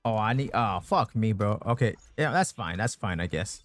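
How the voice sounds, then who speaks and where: A male streamer chatting to his viewers over a game, cursing constantly and getting worked up in bursts. his pitch leaps around wildly as he reacts, with soft game music playing behind him. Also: normal speed, no echo. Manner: swears constantly, excitable, talks to chat. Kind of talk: casual gaming stream chat.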